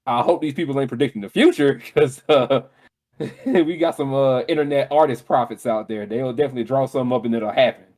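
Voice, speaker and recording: Excitable male podcast co-host. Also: medium pitch, brisk. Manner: excitable, animated storytelling with laughs. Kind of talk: casual chat.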